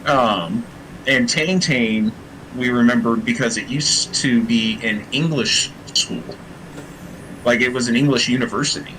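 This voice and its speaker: A man's voice: medium pitch, bright, forceful tone, a little hiss or hum, rough recording. A man hosting a casual chat, telling rambling, profane stories in a laid-back way. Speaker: host. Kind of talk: casual storytelling.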